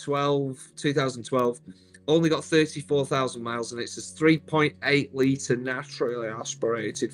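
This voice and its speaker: A man, hosting a live stream, chatty and upbeat, calling viewers "mate". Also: medium pitch. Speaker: host.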